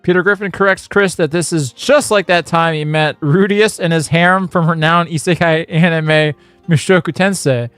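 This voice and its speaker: This is a male streamer reading a generated story aloud to his viewers, breaking off to chuckle and ramble. His voice sits a little high. The room sounds dry, and faint guitar music plays in the background. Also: steady tone, fairly bright tone, clean tone, no room sound. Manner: chuckling, rambling, reads in quick bursts.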